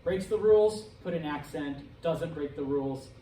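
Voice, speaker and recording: A man's voice: on the high side, moderate pace, warm tone, echoey room. Man, Spanish teacher, classroom lecture, keeps asking "okay?", distant mic, faint background noise. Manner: checks in with "okay?" and "all right?" often.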